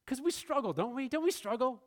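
A pastor with a very high-pitched, expressive voice delivers a sermon fairly quickly in a church sanctuary. Laughing frequently, he briefly mimics the voices of the characters in his story.

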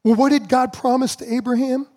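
A man preaching a sermon to his church, with slow, emphatic pauses. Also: very high voice, fairly even intonation, warm tone. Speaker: pastor.

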